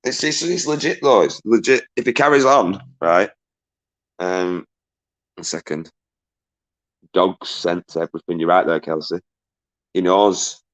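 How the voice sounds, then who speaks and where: A man on a livestream, agitated and swearing as he reads out and answers viewer messages. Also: sits low. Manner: agitated and ranting, swears often, shouts out viewers.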